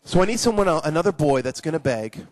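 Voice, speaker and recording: A man teaching children at a live conference session, animated and playful, praising his young volunteers. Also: a little high, fast talker. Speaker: children's ministry speaker.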